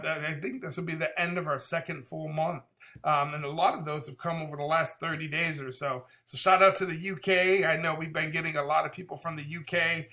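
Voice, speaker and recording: In his casual reaction vlog, a music channel host in his thirties chats animatedly, talking plenty and launching into impressions. His voice is fairly high-pitched and gravelly.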